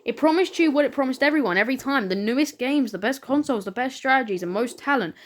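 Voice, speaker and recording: A woman's voice: high-pitched, lively intonation, quick pace. A woman hosting a let's play, casually reading a text game aloud with chatty asides and feeling in the dialogue, her throat sore.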